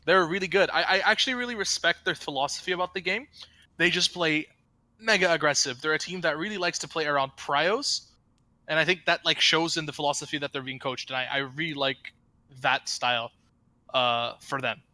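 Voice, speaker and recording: A man who coaches an esports team, a guest on a casual podcast, joking and sarcastic and getting animated as he rants. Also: on the high side, a little fast, dry recording.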